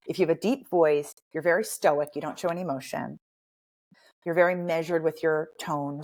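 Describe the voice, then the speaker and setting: A woman dialect coach and author talking as a guest in a podcast interview, animated and emphatic, with playful asides. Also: low-pitched.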